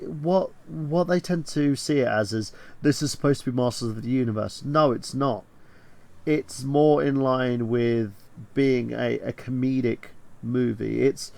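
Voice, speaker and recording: A man co-hosting a casual movie talk show, animated and swearing freely as he acts out quotes. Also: medium pitch, vocal fry. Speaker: podcast co-host.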